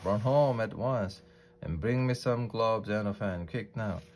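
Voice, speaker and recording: A man with a low voice reading the part of a fussy, panicky white rabbit, in a flustered and hurried way. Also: close to an everyday voice.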